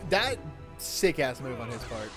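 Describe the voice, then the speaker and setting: A man's voice: medium pitch, very animated, unhurried, music in the background. A man co-hosting a casual reaction stream, talking in a crude, joking, rambling way over the film they are watching. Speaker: co-host.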